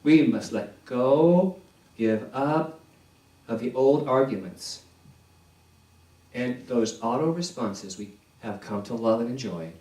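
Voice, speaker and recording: A male minister preaching a sermon in a slow, deliberate way, repeating key phrases for emphasis. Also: medium pitch, animated, mellow. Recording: echoey church hall, distant mic.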